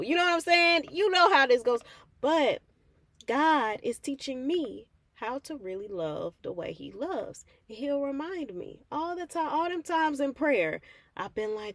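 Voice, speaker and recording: A woman hosting a faith reflection channel shares her personal testimony, conversational and heartfelt, calling listeners "baby" and acting out the prayers she quotes. Her voice is high-pitched and animated with vocal fry, at a moderate pace, with no room sound.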